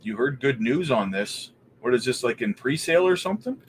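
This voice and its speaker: A Canadian man, mid-range in pitch and talking a little fast, hosts a casual crypto livestream with slight hiss or hum in the audio. He reads viewer questions out and, relaxed, thinks aloud while looking things up.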